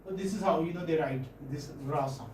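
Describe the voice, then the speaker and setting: A male professor with an Indian English accent explains sounds to his class, pausing to check they follow. His voice sits fairly high. It comes from across an echoey room, with faint background hum. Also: recorded from a distance. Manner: explanatory, checks in with students often. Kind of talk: classroom phonetics lecture.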